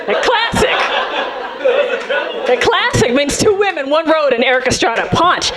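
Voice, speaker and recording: A woman from South Central Los Angeles doing a stand-up comedy set, sassy and animated, acting out the people in her stories. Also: high voice, brisk. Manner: sassy, animated, acts out characters. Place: comedy club stage with audience. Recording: live club, loud crowd laughter. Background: audience laughing.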